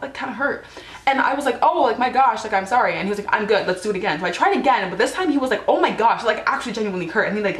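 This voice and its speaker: In an echoey room, a teenage vlogger with a mid-range, somewhat bright voice shares embarrassing stories to camera. She chats casually, says "like" a lot, and performs the quotes she recounts.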